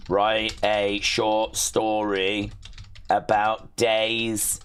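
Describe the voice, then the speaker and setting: A man's voice: on the low side, fairly bright tone, a little hiss or hum. A man hosting a casual livestream, rambling and joking as he reads text aloud to himself. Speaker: livestream host.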